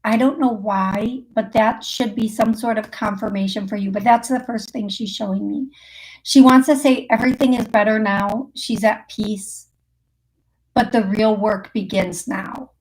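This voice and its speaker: A woman's voice: mid-range voice, steady tone, unhurried, a little mellow. A woman hosting a live psychic call-in show, chatting through readings with frequent laughs and fillers. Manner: chatty, laughs often, thinks aloud with fillers. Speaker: psychic medium host.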